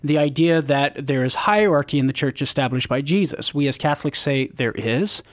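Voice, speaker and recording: A man's voice: mid-range voice, normal speed. A man on a call-in radio show, explaining church teaching in an earnest, teacherly way. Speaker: Catholic apologist radio guest.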